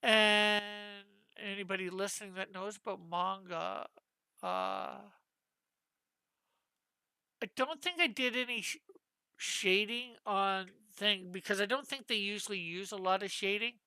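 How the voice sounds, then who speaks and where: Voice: mid-range voice, measured pace, pauses often, sharp tone, clean tone, dry recording. A comic artist chatting casually with viewers on a live stream while drawing, thinking aloud and asking their advice.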